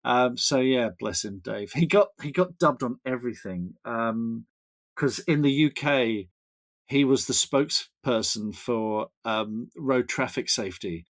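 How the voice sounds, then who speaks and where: A man's voice: medium pitch, a little slow. Male podcast guest, enthusiastic, rambling, fond of restarts. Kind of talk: casual chat.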